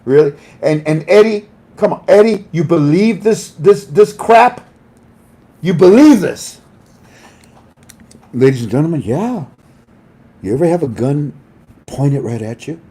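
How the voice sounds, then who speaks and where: A man hosting a casual monologue in an animated manner, laughing often and acting out voices. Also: on the high side, unhurried, pauses often, husky. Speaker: host.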